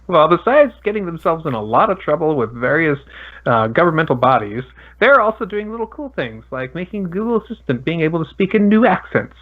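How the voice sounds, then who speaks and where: A man's voice: fairly high pitch, big pitch swings, brisk, narrow, tinny audio. A man co-hosting a casual tech podcast, chatting loosely with many fillers. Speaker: podcast co-host.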